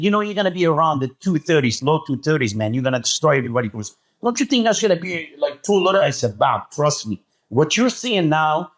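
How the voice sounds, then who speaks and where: Excitable man with a higher voice. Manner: acts out quoted dialogue, excitable. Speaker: guest. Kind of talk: animated storytelling.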